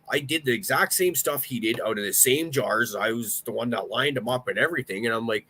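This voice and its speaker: A man's voice: medium pitch, bright, forceful tone. A man telling a rambling story in casual chat, swearing a lot and restarting his sentences. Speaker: podcast host.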